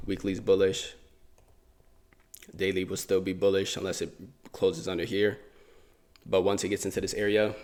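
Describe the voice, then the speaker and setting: A man with a fairly low voice talks through trading charts in a relaxed, conversational way. He thinks aloud, circles back and repeats phrases as he points things out. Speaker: forex trading YouTuber. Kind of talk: casual chart walkthrough.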